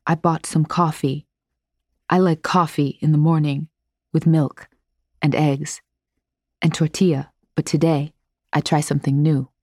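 A woman reading the part of a cheerful, talkative young man from Mexico in simple, warm phrases. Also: low-pitched, level tone, a little slow, pauses often, dry recording, studio quality. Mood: chatty.

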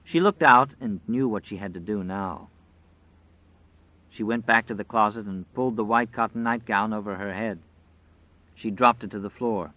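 Man narrating an audiobook in a measured way. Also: lowish voice, no room sound. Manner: measured, dramatic storytelling. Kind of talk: scripted narration. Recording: dry, slightly dull recording.

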